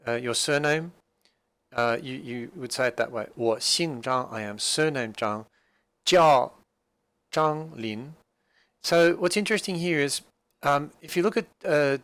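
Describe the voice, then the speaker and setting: A man's voice: a little high, a bit bright, dry recording. A man teaching a language class, explaining a dialogue patiently with frequent fillers and restarts.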